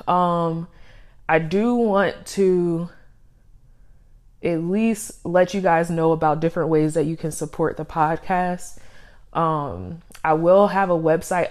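A woman's voice: fairly low pitch, darkish tone. A young woman hosting her own podcast, talking casually and a little out of breath, with lots of fillers and laughs. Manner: rambling, filler-heavy, laughs often. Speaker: podcast host. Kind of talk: casual solo podcast talk. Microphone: studio microphone.

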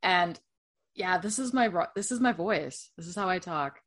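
A woman guest on a podcast talks through her background in relaxed conversation. Her voice sits slightly low and stays smooth and measured. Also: slight background noise. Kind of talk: casual podcast chat.

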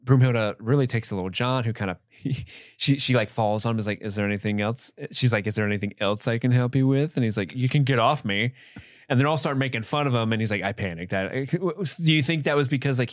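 A man's voice: mid-range voice, a little fast, no echo, studio quality. A man co-hosting a podcast, casually recapping comedy scenes and laughing along. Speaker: podcast co-host. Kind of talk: casual film review chat.

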